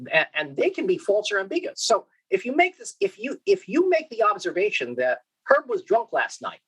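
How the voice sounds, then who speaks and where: Poor audio captures a man with a high, slightly rough voice delivering a conference keynote. His lively style is full of rhetorical questions, restarts, and frequent "okay?" checks with the crowd.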